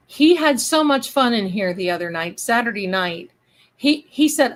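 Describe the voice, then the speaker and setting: A woman's voice: medium pitch, lively intonation, normal speed. A woman hosting a casual livestream, chatting and rambling to her viewers. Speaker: live-stream host.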